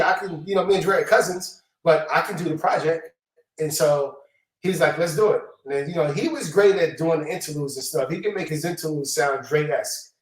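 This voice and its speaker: A man's voice: fairly high pitch, far from the mic. A middle-aged man, telling stories casually in slangy talk and acting out the quotes. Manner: slangy, animated, acts out quotes. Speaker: hip-hop producer guest. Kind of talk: casual storytelling interview. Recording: roomy, off-mic echo.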